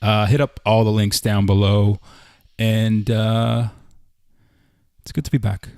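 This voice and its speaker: A man's voice: on the low side, little pitch movement, slow pace, creaky, darkish tone, clear, resonant tone, dry recording. A man in his thirties from Canada, co-hosting a casual podcast and rambling with fillers and restarts. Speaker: podcast co-host. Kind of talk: casual chat.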